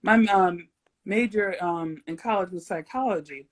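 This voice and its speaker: A woman's voice: mid-range voice, measured pace. A young adult woman hosting a casual livestream interview, playful and rambling, breaking into giggles and silly sound effects. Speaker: host.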